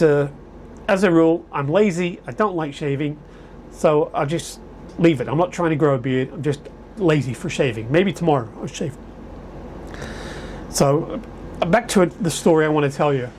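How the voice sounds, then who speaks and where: A man's voice: fairly high pitch, normal speed, a little mellow, slight background noise. A man vlogging casually to camera, chatty and rambling with frequent self-corrections, at home indoors. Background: air conditioner humming.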